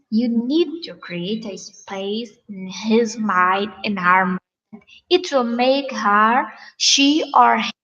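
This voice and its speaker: A woman relationship coach giving earnest advice in a halting, repetitive vlog manner. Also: on the high side, fairly bright tone, muffled recording.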